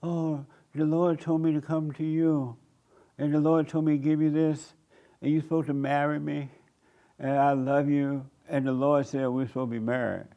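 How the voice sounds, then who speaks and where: A man imitating an infatuated woman stalker who slowly and insistently pleads that they must marry. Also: fairly high pitch, little pitch movement, muffled recording, lightly acted.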